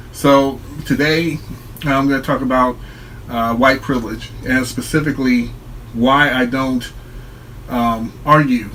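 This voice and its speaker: A man's voice: mid-range voice, a bit bright, slight background noise, poor audio. A man talking straight to his viewers in a solo vlog, explaining his view in an earnest, reflective way. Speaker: online commentator.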